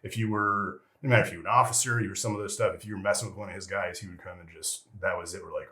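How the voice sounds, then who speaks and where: A man's voice: low-pitched, fairly even intonation, racing, hardly any pauses, pushed and bright. A middle-aged man, a retired military veteran, telling stories as an interview guest in a rambling, profane way full of fillers. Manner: rambling and profane, heavy with fillers like "you know" and "freaking". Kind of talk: casual storytelling interview.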